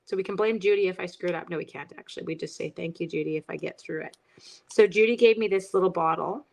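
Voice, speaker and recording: A woman's voice: fairly low pitch, fast talker, creaky, rough recording. Chatty woman hosting a crafting stream. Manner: chatty, self-teasing, answers viewer comments. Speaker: crafting livestream host. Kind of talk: casual live chat while crafting.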